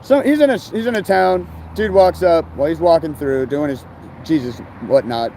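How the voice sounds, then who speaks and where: A man rambles in a laid-back, meandering way, leaning on fillers and casual slang. His voice sits a touch high but sounds soft and mellow. Faint outdoor traffic noise hums behind him. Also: moderate pace.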